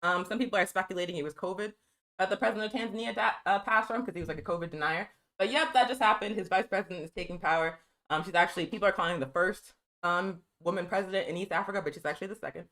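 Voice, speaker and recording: A woman hosting a live political news stream, talking fast and emphatically, calling her viewers y'all and reading from a press release. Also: on the low side, fairly bright tone, low-quality recording.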